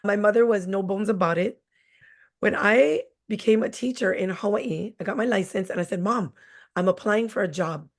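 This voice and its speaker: Speaking at a moderate pace in a mid-range voice, a woman in her forties shares classroom stories as a guest. She's a teacher, and her conversational storytelling is candid, blunt and full of jokes.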